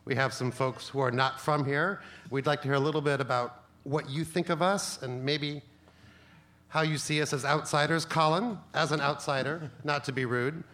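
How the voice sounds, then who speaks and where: A man's voice: fairly high pitch, fairly even intonation, normal speed, fairly bright tone. A man hosting a comedy panel, asking questions in an easygoing, jokey way. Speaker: host.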